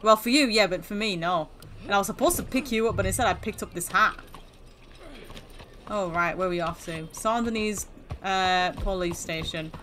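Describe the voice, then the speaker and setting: Woman, gaming host, playful commentary, bright crisp voice. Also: medium pitch, moderate pace, a little hiss or hum. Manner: playful, chatty, teasing. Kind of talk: game commentary.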